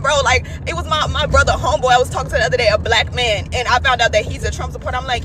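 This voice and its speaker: A woman's voice: on the high side, fast. A woman in an emotional social media video, ranting in an upset, profane way.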